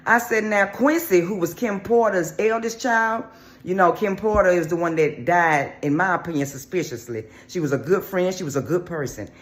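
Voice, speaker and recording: A man's voice: sits high, normal speed, fairly bright tone. A man giving sassy, brash, crude gossip commentary on a reality show in a casual vlog.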